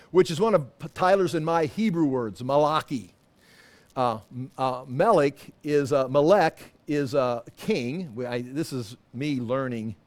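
Here the same sort of speaker, a sixties-aged man teaching Bible study, sounds mid-range and slightly mellow. He keeps things loose and chatty, wandering into asides and frequently correcting himself.

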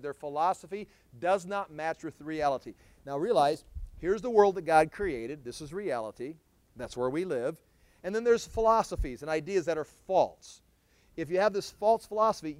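A man preaching a sermon in an emphatic way, with sudden loud stresses and frequent restarts. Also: a little high, no room sound. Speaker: pastor.

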